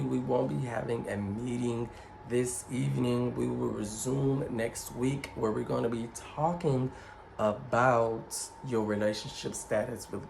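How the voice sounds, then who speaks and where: A man's voice: medium pitch, creaky, slight background noise, rough recording. A man leading a ministry group, giving a casual spoken lesson and spelling out letters one by one. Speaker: ministry youth leader teaching Hebrew words.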